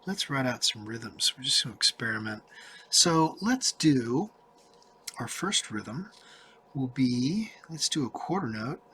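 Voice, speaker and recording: A man's voice: medium pitch, big pitch swings, measured pace, pushed and bright, slight background noise. A man giving a casual music tutorial, chatting loosely and counting and singing rhythms aloud as he writes notes. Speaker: music teacher.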